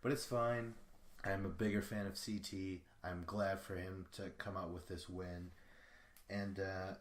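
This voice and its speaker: A man's voice: on the low side, roomy sound. A man hosting a podcast alone, recapping in a casual, rambling way that is full of profanity. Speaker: podcast host. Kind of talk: solo show recap.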